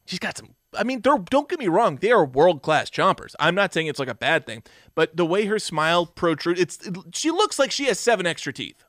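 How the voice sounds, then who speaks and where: Man, podcast co-host, lively higher voice, dry close sound, blunt animated movie chat. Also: brisk, no echo. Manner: animated, blunt, swearing freely.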